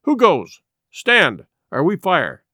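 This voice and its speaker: A man's voice: sits high, sing-song, moderate pace, fairly bright tone, no echo, studio quality. A man voicing a stern, curt ship's captain who barks clipped orders. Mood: wary. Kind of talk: audiobook character reading.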